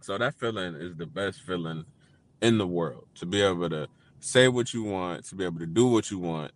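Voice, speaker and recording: A man co-hosting a casual podcast chat, thinking aloud in a relaxed way. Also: sits low, normal speed. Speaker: podcast co-host.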